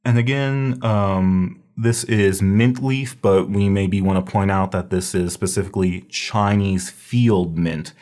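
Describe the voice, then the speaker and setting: A man teaching a recorded herbology review lecture, explaining patiently and repeating terms slowly for pronunciation. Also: deep voice, fairly even intonation, a little mellow. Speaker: herbology instructor.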